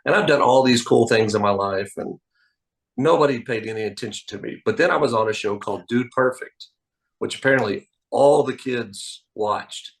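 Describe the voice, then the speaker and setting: A man, a magician guest telling animated anecdotes on a podcast. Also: medium pitch, normal speed, vocal fry, poor audio. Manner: animated anecdotes, acts out quoted voices. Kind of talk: casual interview storytelling. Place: podcast studio.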